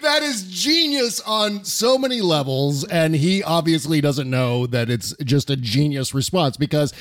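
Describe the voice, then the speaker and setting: A man's voice: a little high, lively intonation, unhurried, a bit bright. A man hosting a conversation, chiming in with eager reactions. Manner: enthusiastic, chiming in with short reactions. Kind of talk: casual conversation.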